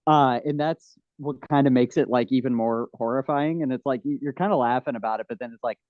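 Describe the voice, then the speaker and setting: A man's voice: mid-range voice, fairly quick, dry recording, narrow, tinny audio. A man talking casually and animatedly on a podcast, rambling with many fillers.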